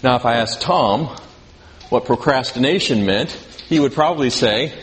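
A man's voice: mid-range voice, moderate pace. A male pastor delivers a conversational sermon, asking his congregation questions and adding dry, self-deprecating asides. His voice carries a long reverb from the hall. A faint hiss stays under it.

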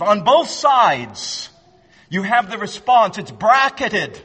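A pastor preaches an expository sermon with earnest emphasis, often repeating words as he restarts and slowing down to stress key phrases. His voice is high-pitched, husky, sharp, and sing-song, and the recording has a long hall reverb.

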